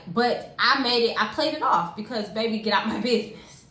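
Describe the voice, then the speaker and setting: Young woman, higher voice, animated and slangy storytime delivery straight to camera; echoey room. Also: fairly quick, hardly any pauses. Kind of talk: casual storytime vlog. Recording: echoey room with faint hiss.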